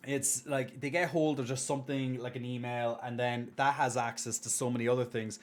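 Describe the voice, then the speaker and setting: A man's voice: mid-range voice, flat delivery, fairly quick. Chatty male streamer reading chat. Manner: chatty and reassuring, thanks subscribers warmly. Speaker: live streamer. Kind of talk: casual chat reading viewer messages.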